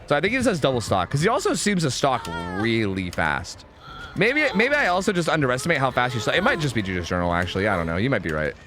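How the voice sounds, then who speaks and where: Lively young male gaming streamer. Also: mid-range voice, noisy background. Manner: chatty, swearing, laughing, quick asides to chat. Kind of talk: casual gaming commentary.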